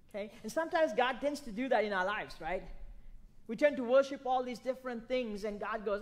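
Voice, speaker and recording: A pastor giving a sermon in a relaxed, talky manner, often restarting phrases and tagging lines with "right?". The preacher keeps pulling the congregation in with rhetorical questions, at an ordinary middle pitch. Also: brisk. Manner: conversational, repeats phrases, checks in with 'right?'.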